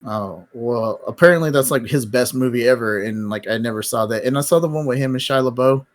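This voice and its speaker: Movies are the topic as a man hosts a live stream, his talk rambling, blunt, and full of cursing. He speaks at a medium pitch and a fairly quick pace.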